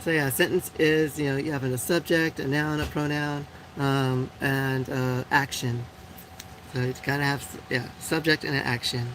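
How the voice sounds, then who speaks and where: A woman's voice: extremely low pitch, steady tone, moderate pace, noisy background. A woman in her forties hosting a live stream and chatting casually with viewers. She answers comments bluntly, with lots of fillers and frequent laughs. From Puerto Rico. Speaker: live show host.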